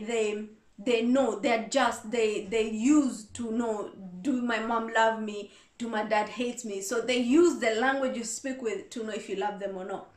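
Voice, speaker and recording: A woman reverend answering viewer questions in a casual advice talk, earnest and repeating her points for emphasis. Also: fairly high pitch. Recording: echoey room.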